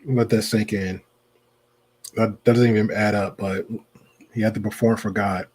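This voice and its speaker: A man's voice: lowish voice, flat delivery, normal speed, a little mellow, a little hiss or hum. A man hosting a podcast, reacting to a clip with casual, blunt commentary and repeating his points for emphasis.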